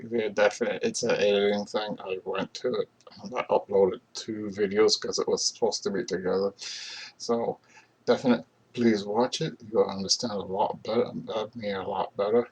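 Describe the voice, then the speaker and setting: A Canadian man chatting casually on his own stream, meandering and halting with many fillers and restarts. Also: lowish voice, steady tone, darkish tone, husky, rough recording. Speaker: solo streamer. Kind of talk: rambling casual vlog chat.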